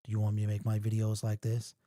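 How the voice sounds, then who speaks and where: A man putting on a dull, monotone sports presenter, much deeper and quieter than his usual voice. The delivery is slow and flat, as if mocking boring fan videos. The sound is close and dry. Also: no echo, natural voice.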